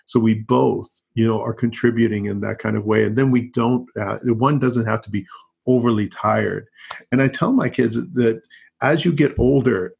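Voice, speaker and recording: A man's voice: mid-range voice, normal speed, gravelly, slightly rough. A middle-aged man, a college teacher, talking as a guest in an easygoing, rambling interview. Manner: rambling, peppered with "you know, and so on". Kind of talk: conversational interview.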